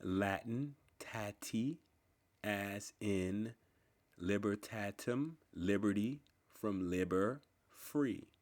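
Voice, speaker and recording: Low-pitched man, slow, deliberate, reading entries aloud one word at a time. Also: a little mellow. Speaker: channel host.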